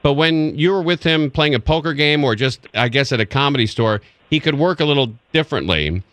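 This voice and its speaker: Male talk radio host, middle pitch, chatty, laughs along, dry studio sound. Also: lively intonation, fairly quick, fairly bright tone, no echo.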